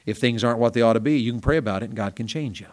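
A man preaching a revival sermon in a small church, folksy and storytelling, rising to loud emphatic peaks. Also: medium pitch, rapid-fire.

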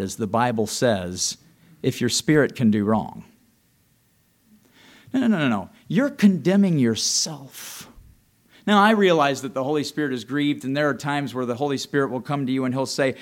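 A man preaching a sermon with passion, dropping to a hush and rising to loud cries as he acts out the voices he quotes. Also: fairly high pitch. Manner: impassioned, swings from soft to loud cries.

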